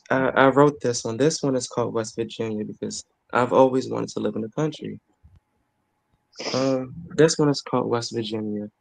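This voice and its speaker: A young man reads his own poems aloud to a friendly chat-show audience. His voice has a gravelly fry at mid pitch, and the sound is dry and close. He stumbles now and then, repeating his words. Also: a little mellow, dry recording. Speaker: guest poet.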